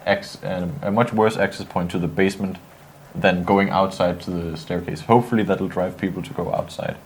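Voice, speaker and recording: Low-voiced developer explaining map design. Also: male voice, steady tone, normal speed. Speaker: game developer guest. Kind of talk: casual explanation. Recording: faint background noise.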